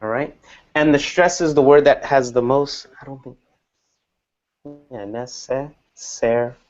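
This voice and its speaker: A man's voice: medium pitch, a little slow, darkish tone, highs cut off. A man teaching an English class, explaining patiently and repeating example words.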